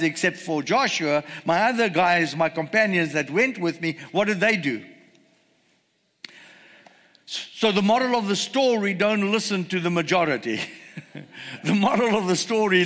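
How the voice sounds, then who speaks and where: High, bright-voiced preacher in a hall. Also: male voice. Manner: emphatic, rhetorical questions, slows words for stress. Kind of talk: sermon.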